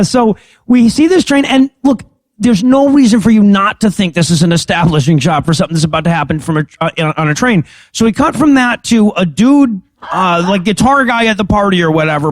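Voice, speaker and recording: A man with a fairly high voice recaps a movie's scenes for a comedy podcast, chuckling as he goes. The sound is close and dry, with no room around it. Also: dry recording. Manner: recaps scenes, laughing often. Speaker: podcast co-host.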